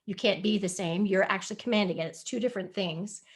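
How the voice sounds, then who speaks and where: Speaking quickly at a medium pitch, a woman leads a live online presentation on spiritual health via video call. As a wellness presenter, she sounds sincere and persuasive, going over her points again and again.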